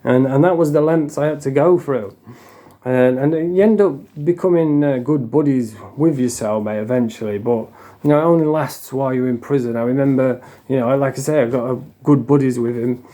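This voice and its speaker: A man's voice: mid-range voice, normal speed, dark tone. A man telling stories in a blunt, casual way, with lots of swearing and a laugh now and then. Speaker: storyteller. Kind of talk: casual storytelling.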